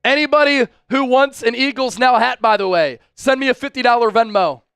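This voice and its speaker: A man hosting a live sports stream, excitedly calling the game and reading out viewer donations between fan chants. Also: very high voice, fairly quick, clean tone, no echo, studio quality. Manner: chanting and shouting fan cheers.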